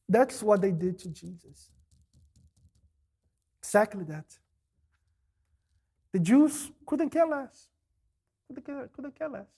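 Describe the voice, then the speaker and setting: A male pastor preaching a sermon, firing off rhetorical questions and answering them, moving between loud emphasis and quiet asides. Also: high-pitched, very animated, slow pace, vocal fry, pauses often, breathy edge.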